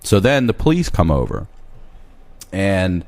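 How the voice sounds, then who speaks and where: A man in his thirties telling a long story on a podcast, animated and swearing freely. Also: low-pitched, unhurried. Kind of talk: casual storytelling chat.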